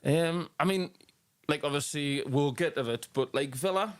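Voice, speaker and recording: A man's voice: fairly high pitch, moderate pace, smooth. A man co-hosting a football podcast, talking in a hesitant way with many restarts. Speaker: podcast co-host. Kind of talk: casual football chat.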